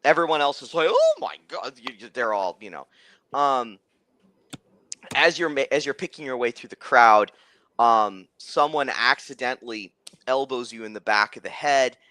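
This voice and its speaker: Bright-voiced man running a tabletop game. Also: mid-range voice, no echo. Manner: rambling, halting restarts. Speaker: game master.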